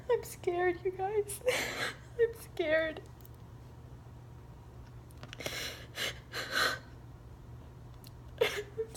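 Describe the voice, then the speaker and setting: A young woman vlogging to her viewers, tearful and halting, her voice breaking as she apologizes. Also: very high voice, slight background noise. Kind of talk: personal vlog talk to viewers.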